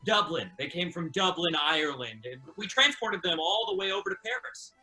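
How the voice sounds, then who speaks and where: Lively, bright-voiced man improvising. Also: high-pitched, brisk, gravelly, faint music behind. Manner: animated, blustery. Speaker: improv player. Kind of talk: improvised comedy scene. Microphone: video call.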